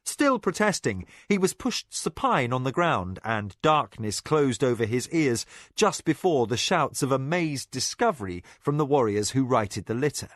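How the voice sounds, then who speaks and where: A man narrating a fantasy novel in an expressive, dramatic reading. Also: mid-range voice, moderate pace, few pauses, no room sound, clean studio sound. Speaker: audiobook narrator. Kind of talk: scripted narration.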